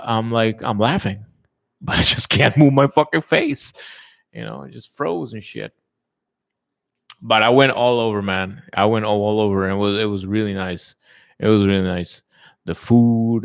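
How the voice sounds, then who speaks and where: Relaxed, rambling man with a lowish voice. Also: moderate pace, vocal fry. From lives in a tourism-based place, has lived abroad. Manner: relaxed, rambling, swears often, many fillers. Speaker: channel host chatting with viewers. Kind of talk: casual live chat.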